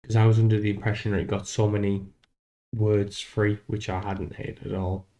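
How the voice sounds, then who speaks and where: A man streaming live while coding a game, thinking aloud in a halting, self-deprecating way. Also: fairly low pitch, flat delivery, warm tone.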